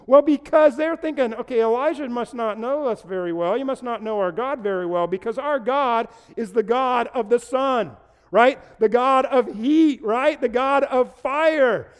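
A high-pitched man with a smooth, resonant voice preaches to an online audience, talking conversationally and pausing for them to type in answers. He slips in playful puns and asides. A long reverb from the large, empty room trails behind every word. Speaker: pastor. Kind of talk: livestreamed sermon.

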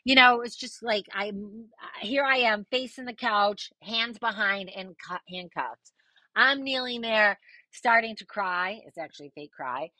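A middle-aged woman hosting a podcast, casually telling a personal story, animated, swearing freely and acting out what people said. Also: mid-range voice, measured pace, dry recording. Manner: animated, swears freely, acts out quoted voices.

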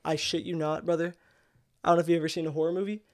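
A man in his twenties, one of a podcast's co-hosts, tells a story in a heated rush, cursing as he goes. His voice sits high for a man and the words tumble out quickly. The recording is dry and close, with no room around him. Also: no echo. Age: 20s. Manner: heated, profane, animated ranting. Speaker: podcast co-host. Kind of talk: casual storytelling chat.

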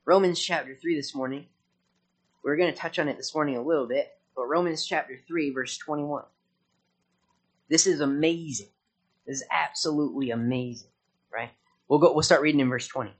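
Husky-voiced American man preaching emphatically. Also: on the high side, a little fast, pauses often, rough recording. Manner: emphatic preaching, frequent "right?" tag questions. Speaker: pastor. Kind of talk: sermon. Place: church.

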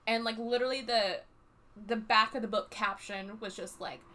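A young woman co-hosting a podcast tells a story in casual conversation, animated and swearing freely, with frequent laughter. Her voice is fairly high and her pace moderate.

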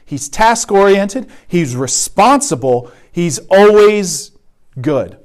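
A man's voice: high voice, very animated, slow pace. A man giving a conversational sermon at a retreat, often checking in with "right?". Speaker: retreat speaker. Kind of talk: sermon talk.

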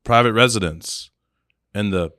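A man co-hosting a podcast in casual chat, sarcastic and animated, laughing often. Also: fairly low pitch, unhurried, dry recording, clean studio sound. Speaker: podcast co-host.

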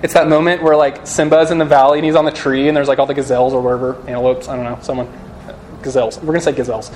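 A man's voice: medium pitch, little pitch movement, rapid-fire, a little mellow, a little hiss or hum. A young man giving a casual sermon-style talk to a live audience of students, chatty and joking, full of "like" and "you know". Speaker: speaker at a campus student gathering.

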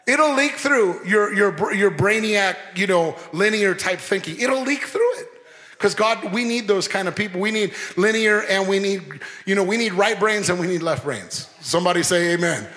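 A man preaching a lively sermon as pastor, joking and mimicking people as he talks. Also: sits high, normal speed. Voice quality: animated, playful, mimics people. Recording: long hall reverb.

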